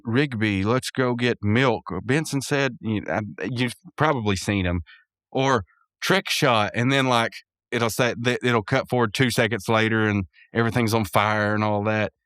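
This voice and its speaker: Casual male podcast host recapping episodes, smooth resonant voice, dry close recording, meandering and chuckly. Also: fairly low pitch, a bit bright, no room sound. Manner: rambling, self-correcting, laughs often.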